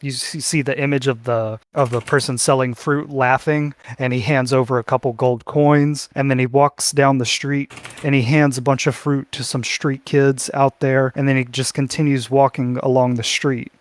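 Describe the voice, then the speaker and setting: A man's voice: medium pitch, little pitch movement, moderate pace. Man narrating as game master. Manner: descriptive, loose, with fillers.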